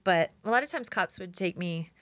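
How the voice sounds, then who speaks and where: A woman recounts her reporting days in a chatty, animated way, her voice leaping up whenever she acts out what someone said. She is recorded close and dry, with no room sound. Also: normal speed, dry recording. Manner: animated, acts out quotes with big pitch jumps. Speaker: former crime reporter, guest. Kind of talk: casual storytelling interview.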